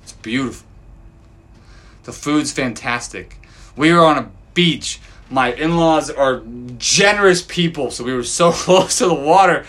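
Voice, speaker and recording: A man hosting a podcast from his backyard, ranting profanely as a sports fan and swinging from loud outbursts to low mutters. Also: measured pace. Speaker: podcast host. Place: home backyard.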